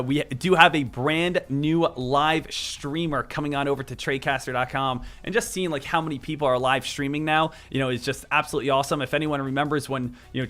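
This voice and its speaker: Chatty male stream host, talks to his team, bright and forward, a touch high. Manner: upbeat, chatty, repeats phrases, addresses viewers as team. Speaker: stock trading livestream host. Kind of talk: live trading commentary.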